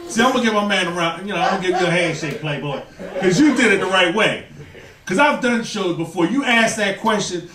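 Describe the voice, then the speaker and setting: On a club stage, a high-voiced man does a stand-up set, addressing the audience and mimicking the people he mocks. The mic picks him up from afar in a roomy club, with a loud crowd laughing and applauding.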